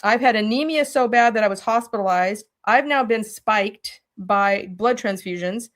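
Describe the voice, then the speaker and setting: A woman's voice: mid-range voice, normal speed. A middle-aged woman telling her story as an interview guest, urgent and emphatic, often acting out her own past words. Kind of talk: emotional personal storytelling.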